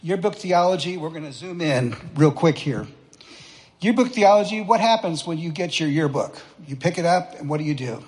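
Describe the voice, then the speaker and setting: A man's voice: a little high, lively intonation, moderate pace, a little mellow. A man preaching a sermon in a conversational, folksy way, asking the congregation questions. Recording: long reverb of a church hall.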